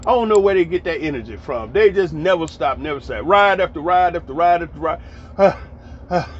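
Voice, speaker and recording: A man's voice: fairly high pitch, lively intonation, fairly quick, lightly acted. A man voicing a cheerful, boastful middle-aged dad, breezy and full of exclamations. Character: cheerful middle-aged dad bragging about a family day out. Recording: dull lo-fi audio with faint background noise.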